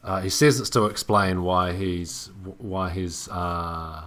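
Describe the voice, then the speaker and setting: A man with a very deep voice recaps a film plot in casual podcast chat. He talks haltingly, restarting phrases as he goes. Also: fairly bright tone.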